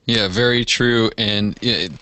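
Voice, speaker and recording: A man co-hosts a podcast in a relaxed, agreeable way, often saying "uh" and "you know." He talks at an ordinary pitch, and the sound is dry and close, with no room echo. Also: slow pace. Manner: agreeable, easygoing, with fillers. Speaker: podcast co-host. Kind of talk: casual podcast chat.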